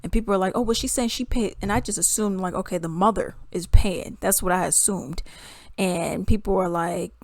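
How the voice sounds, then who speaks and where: A woman giving a casual commentary rant to her viewers. She sounds animated and exasperated and laughs between points. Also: mid-range voice, moderate pace, no room sound. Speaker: commentary vlogger.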